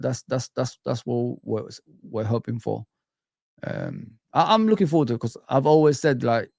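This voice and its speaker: A man's voice: a little high, vocal fry, darkish tone, no echo, clean studio sound. A man hosting a casual live-chat stream, talking animatedly and greeting viewers by name. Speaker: livestream host.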